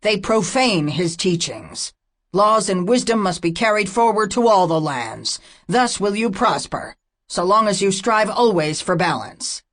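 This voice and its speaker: A woman reading the lines of a stern half-orc warrior in an audiobook, speaking in forceful, commanding proclamations. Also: medium pitch, lively intonation, unhurried, pitched above the performer's own voice.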